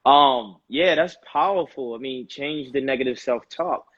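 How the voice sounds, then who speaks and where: A man, a guest on a casual live video chat, talking in an animated, reflective way. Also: medium pitch, a little slow, slightly rough, highs cut off. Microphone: video call.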